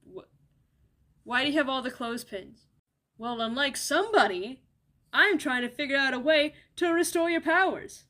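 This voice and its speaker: A woman's voice: high voice, moderate pace. Sarcastic woman doing comedy-skit banter. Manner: sarcastic, deadpan banter with casual swearing. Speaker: comedy sketch voice performer. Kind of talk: comedic dialogue skit, voicing several characters.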